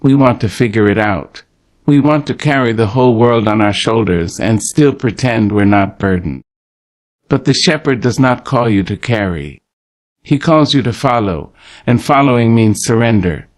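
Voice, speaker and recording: A man delivering a poetic morning prayer in a slow, rhythmic, preacherly manner, speaking tenderly to the listener. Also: mid-range voice, lively intonation. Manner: tender, pastoral address to the listener. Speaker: prayer narrator.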